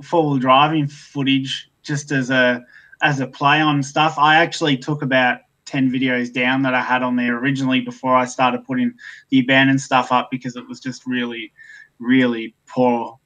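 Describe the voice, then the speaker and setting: Bright-voiced self-deprecating Australian man. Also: mid-range voice, dull audio. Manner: self-deprecating, rambling with many fillers. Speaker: guest YouTuber. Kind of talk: casual chat.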